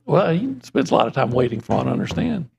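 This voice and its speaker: A man's voice: a little high, big pitch swings, fast talker, gravelly, warm tone, slight background noise. A man who is a regular on a sports talk show, telling stories with wry jokes.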